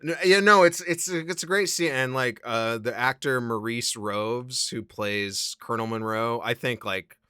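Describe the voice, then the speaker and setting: Bright, crisp-voiced man talking films. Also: medium pitch, moderate pace, few pauses, no echo, studio quality. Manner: enthusiastic, lots of "like" fillers, laughs often. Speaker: podcast co-host. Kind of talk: casual film discussion.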